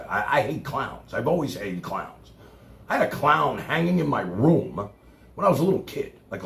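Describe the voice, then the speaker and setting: A Brooklyn man with a thick New York accent holds forth on his livestream, his lowish voice leaping up into loud bursts and dropping to mutters. He curses freely and rambles. The room rings with echo, with a faint hiss of noise behind him. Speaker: live streamer. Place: home room, seated in chair.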